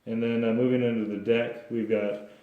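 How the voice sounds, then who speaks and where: A man's voice: medium pitch, level tone, moderate pace, phone-quality sound. A man working as a home inspector, explaining his findings to a client in a plain, practical way with frequent restarts. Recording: echoey room.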